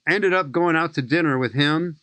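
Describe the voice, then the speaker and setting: A man's voice: on the high side, a little fast, no room sound. Enthusiastic storytelling man in his sixties. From St. Louis, USA. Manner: enthusiastic, lively anecdotal storyteller. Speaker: podcast guest, skydiving instructor. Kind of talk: animated storytelling in an interview.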